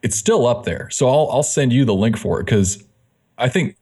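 A man's voice: medium pitch, normal speed, husky. A man, a fitness magazine editor, telling his story as a guest in a casual interview, acting out the dialogue he quotes. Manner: animated, acts out quoted dialogue.

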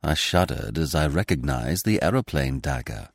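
A man's voice: rumbling low, lively intonation, normal speed, creaky, breathy edge, no echo, studio quality. A man giving a dramatic scripted reading of a classic mystery novel. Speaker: audiobook narrator. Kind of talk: scripted narration.

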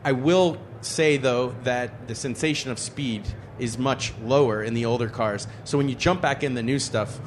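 A man who races cars explains calmly how driving old cars differs from driving new ones. His voice is middle-pitched and steady. Faint trade show ambience murmurs behind him. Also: moderate pace, few pauses, a little hiss or hum. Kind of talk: casual chat. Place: busy trade show booth.

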